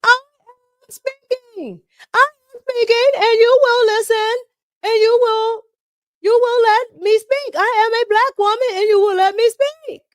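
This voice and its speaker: A woman putting on the voice of an indignant woman politician who yells at the top of her lungs to demand the floor. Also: very high-pitched, fairly even intonation, unhurried, no room sound, studio quality, pitched above the performer's own voice. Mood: shouting.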